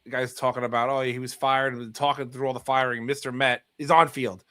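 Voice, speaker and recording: A man's voice: medium pitch, little pitch movement, brisk, fairly bright tone, dry recording. A man co-hosting a casual podcast, telling stories in a laid-back, chuckling way. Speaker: podcast co-host.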